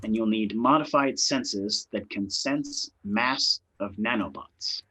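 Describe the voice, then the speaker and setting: A man narrating as game master of a tabletop game, explaining calmly and trailing off at times. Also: lowish voice, breathy edge, rough recording. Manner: unhurried, explains in plain terms, trails off at times.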